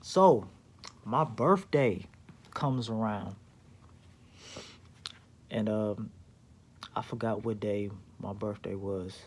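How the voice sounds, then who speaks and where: Slow laid-back young man telling a story. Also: fairly low pitch, slight background noise. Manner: laid-back slangy storytelling, many fillers. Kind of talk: casual storytelling vlog.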